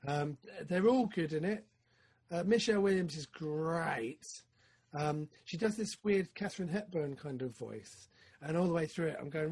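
A man co-hosting a podcast, chatting casually about films, excitable and rambling with lots of fillers. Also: on the high side, normal speed, slightly rough. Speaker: podcast co-host. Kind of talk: casual film chat.

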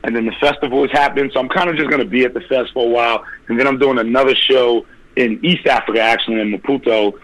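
A man's voice: medium pitch, steady tone, fast talker, fairly bright tone, rough recording. A man being interviewed about his new music, talking in a laid-back, enthusiastic way full of slang and repeated words. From United States. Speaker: musician guest. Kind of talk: casual interview chat.

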